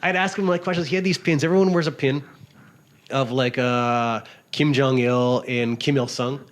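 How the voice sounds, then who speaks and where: A Canadian man, a travel writer, talking as a guest in a casual interview, rambling through animated stories, laughing often and acting out what people said to him. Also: medium pitch, moderate pace.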